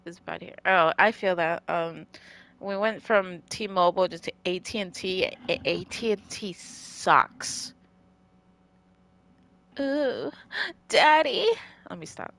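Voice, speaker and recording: Slow, gravelly woman streamer, freshly woken. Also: fairly low pitch, fairly even intonation, fairly bright tone. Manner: rambling, playful, giggly. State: just woken up. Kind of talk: casual livestream chat while gaming.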